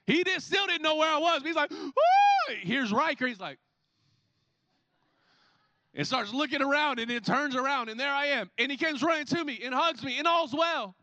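A man in his thirties preaching a sermon as a pastor, telling stories in an animated way and acting out the scenes. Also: extremely high pitch, moderate pace, lo-fi sound. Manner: animated storytelling, acts out scenes. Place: church.

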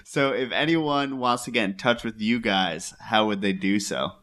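A man's voice: lowish voice, normal speed, a bit bright. Blunt man co-hosting a podcast. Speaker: podcast co-host. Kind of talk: casual chat.

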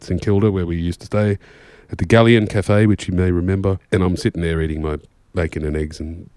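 A man's voice: low-pitched, fairly even intonation, fairly quick, a little mellow, smooth, no room sound. A man, a musician, telling rambling anecdotes in casual chat and swearing freely. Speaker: musician guest.

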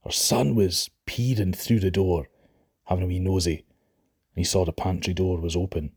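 A man with a Scottish accent telling a Shetland folk tale in a lively, expressive way. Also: low-pitched, moderate pace, husky. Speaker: storyteller.

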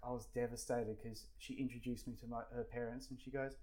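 Australian man, forties, quick rambling guest, salty language, lots of fillers. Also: medium pitch, flat delivery, warm tone. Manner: rambling, swears freely, many fillers. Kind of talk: casual storytelling.

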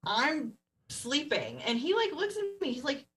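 A woman guest telling a story in a casual, animated way, laughing often and acting out what others said. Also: sits high, a little slow, far from the mic, low-quality recording. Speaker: podcast guest.

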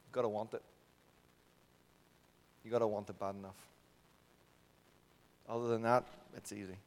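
A man with an Irish accent preaching a sermon, swinging from loud peaks to soft, quiet passages. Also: fairly low pitch, flat delivery, moderate pace. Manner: impassioned, builds to loud peaks then drops soft. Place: church hall. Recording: reverberant hall.

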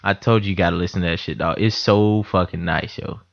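A young man hosts a casual podcast, animatedly telling stories with voiced quotes, recorded on a computer mic in a room of a house. His voice is low with fairly even intonation and a little fast, with a crowd audible behind him. The home recording sounds dull and lo-fi.

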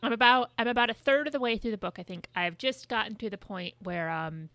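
A woman's voice: fairly high pitch, fairly quick, a bit bright, no room sound. A woman co-hosting a podcast in casual chat, talking loosely with plenty of swearing and filler words. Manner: chatty, frequent swearing and hedging fillers. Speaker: podcast co-host.

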